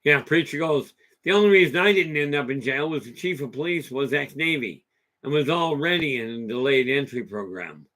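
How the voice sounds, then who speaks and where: Bright, chatty man telling stories. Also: a little high, animated, normal speed. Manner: rambling, chatty, with many restarts and asides; reads out and answers viewer comments. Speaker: host. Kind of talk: casual livestream storytelling.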